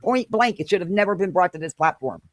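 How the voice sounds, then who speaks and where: A woman on a livestream panel lays out her stance in firm, measured terms. Her voice comes across dry and close, with no room sound around it. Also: on the low side, expressive, no echo.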